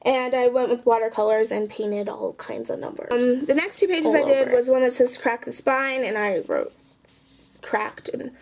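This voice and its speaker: A woman's voice: a little high, moderate pace, darkish tone. A young woman chatting casually, rambling and poking fun at herself as she shows off her art journal at home. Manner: chatty, rambling, self-mocking. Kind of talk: casual show-and-tell vlog.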